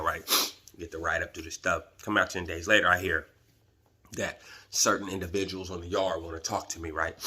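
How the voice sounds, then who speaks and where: A man's voice: low voice, bright, forceful tone, breathy edge. A middle-aged man from Sacramento telling a prison story on his video blog in casual street slang, checking in with "right?" and "man" as he goes. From Sacramento, California. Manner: acts out the people in his stories. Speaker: vlogger telling prison stories.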